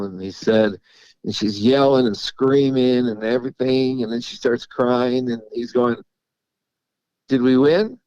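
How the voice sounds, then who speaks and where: A middle-aged racehorse trainer telling stories in a casual interview, halting and repeating words as he goes, often laughing. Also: mid-range voice, a little mellow, smooth, no room sound. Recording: dull lo-fi audio.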